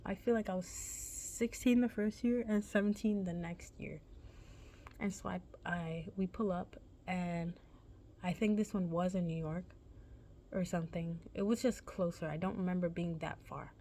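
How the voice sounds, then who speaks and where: Young woman vlogger, casual storytelling, low voice, mellow, rambling, self-correcting. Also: steady tone, normal speed, a little hiss or hum. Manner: rambling, self-correcting, laid-back and chatty.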